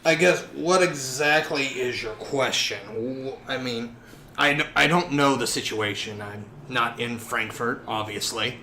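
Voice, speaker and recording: Sleepy, impatient male lawyer, voiced by a game master, mid-pitch, roomy room. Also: unhurried, bright, forceful tone, a little hiss or hum. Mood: groggy. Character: groggy male lawyer woken late at night.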